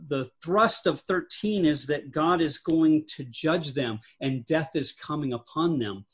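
A man with a fairly high voice gives a relaxed Bible lesson, pausing and restarting as he works through verses and reads them aloud. The recording is dull and lo-fi. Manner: thinking aloud, reading verses aloud, frequent restarts. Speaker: Bible teacher. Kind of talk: informal Bible lecture.

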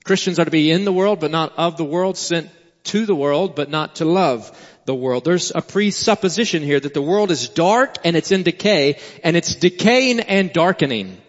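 A male pastor delivering a sermon in an earnest, emphatic way, repeating key phrases and pausing for effect. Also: fairly high pitch, animated, big-room sound, muffled recording. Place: church sanctuary.

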